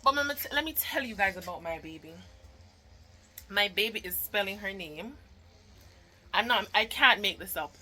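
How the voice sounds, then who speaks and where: A woman's voice: medium pitch, lively intonation, normal speed, long pauses, pushed and bright, slight background noise, low-quality recording. A Jamaican woman and mother chatting casually in a vlog, emotional and talkative, mixing patois with English. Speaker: mother and vlogger.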